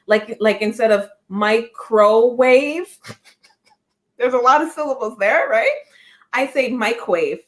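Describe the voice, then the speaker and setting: A woman in her thirties with a Canadian accent, hosting a livestream and telling stories in a rambling, animated way with many restarts. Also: fairly high pitch, normal speed, pauses often. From Jamaica, raised in Canada. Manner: rambling, animated storytelling with frequent restarts and laughs. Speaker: psychic livestream host. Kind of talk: casual livestream chat.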